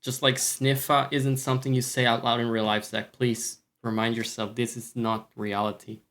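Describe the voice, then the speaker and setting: A man's voice: medium pitch, flat delivery, normal speed, a bit bright. A Scottish man chatting casually on a stream, rambling, swearing often and talking to himself.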